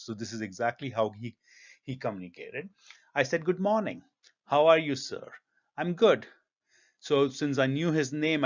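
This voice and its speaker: A man giving career advice in a reflective monologue, speaking in a measured, thoughtful way with frequent ums and uhs. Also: medium pitch, lo-fi sound.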